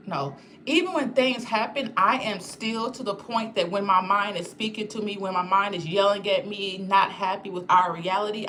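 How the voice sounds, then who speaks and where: A young woman talks casually to her viewers on a live stream, candid and rambling, with easy swearing. Her voice sits at an ordinary middle pitch. A faint hiss of noise stays under her voice. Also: a bit bright. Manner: swears freely. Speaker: channel host reading live chat.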